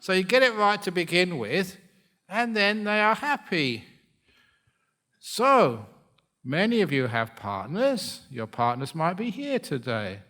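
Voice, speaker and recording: A man's voice: high-pitched, big pitch swings, takes it slowly, pushed and bright. A man who is a monk giving a humorous dharma talk, joking and often laughing at his own stories.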